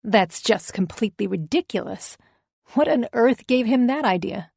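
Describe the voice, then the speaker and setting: A woman's voice: fairly high pitch, lively intonation, moderate pace, creaky, darkish tone, breathy edge, no room sound, voice pushed up, full character voice. A woman reading the lines of a defensive middle-aged male pastor in an audiobook, in a formal, evasive way.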